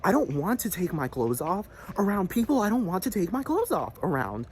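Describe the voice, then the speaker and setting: A male vlogger launches into a heated, profane rant, agitated and repetitive, asking again and again "do you understand." His voice is high-pitched with big pitch swings and fairly quick, over a little hiss or hum.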